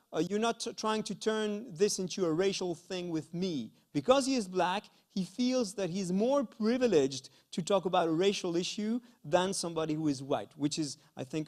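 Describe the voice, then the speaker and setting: A man's voice: high voice, darkish tone. A middle-aged man with a French accent giving a conference lecture, hesitant, with many fillers and restarts and a frequent "okay?". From France. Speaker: university lecturer. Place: school conference hall.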